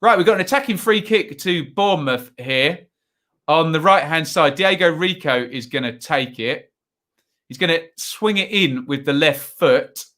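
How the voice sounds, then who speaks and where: Man, football watchalong host, bright forceful voice, fairly high, chatty rambling commentary, lots of asides.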